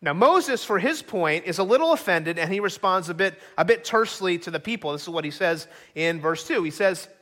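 A man's voice: high-pitched, animated, a little fast, hardly any pauses, fairly bright tone. A middle-aged man preaching a sermon as pastor, earnest and acting out quoted voices.

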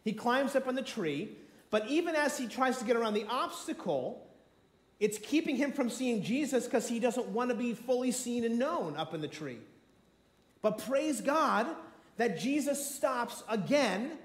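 A man preaching a sermon to a congregation, animated and acting out the story with quoted voices. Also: very high-pitched, unhurried. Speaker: pastor. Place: room with a congregation. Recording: echoey room.

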